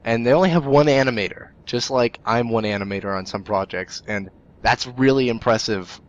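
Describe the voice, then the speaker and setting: A man who co-hosts and animates, chatting casually and chiming in eagerly with quick asides. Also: mid-range voice, muffled recording. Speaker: co-host and hobby animator. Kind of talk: casual chat.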